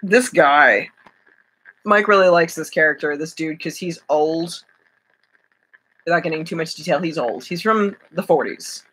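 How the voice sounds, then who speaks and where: A woman's voice: low-pitched, unhurried, long pauses, fairly bright tone, husky. A woman chatting on a live stream from home, giggly and rambling, with many fillers and restarts. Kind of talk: casual live-stream chat.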